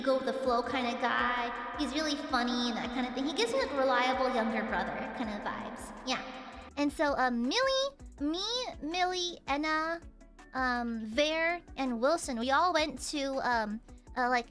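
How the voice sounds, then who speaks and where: A woman streamer telling a story in casual chat, animated, laughing often and swearing casually. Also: sits high.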